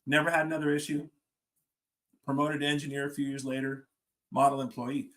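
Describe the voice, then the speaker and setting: A man's voice: mid-range voice, little pitch movement, brisk, fairly bright tone. A middle-aged man, a fire service leader, telling a story on a podcast and acting out the dialogue as he goes.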